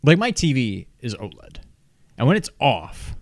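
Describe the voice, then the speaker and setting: A man's voice: mid-range voice, sing-song, unhurried, no room sound. A young man co-hosting a casual gaming podcast, laid-back, giving short opinions. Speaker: podcast co-host.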